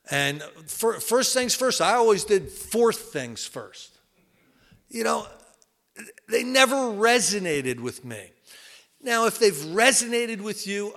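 Folksy, bright-voiced middle-aged man. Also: high-pitched. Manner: folksy, plain-spoken, frequent fillers and restarts. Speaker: recovery meeting speaker. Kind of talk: informal talk to a recovery group.

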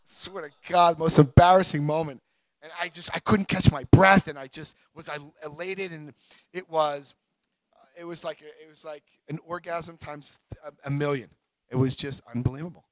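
A middle-aged man sharing his recovery story at a meeting, telling it in an emotional, animated way. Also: fairly high pitch, moderate pace, no echo, rough recording.

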